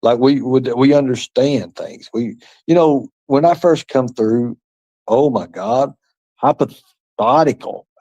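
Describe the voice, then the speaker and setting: Male livestream host, mid-pitched voice, rambling and mocking, profane, muttered asides to chat. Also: slow pace, mellow, highs cut off. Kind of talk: rambling live-stream chat reading comments.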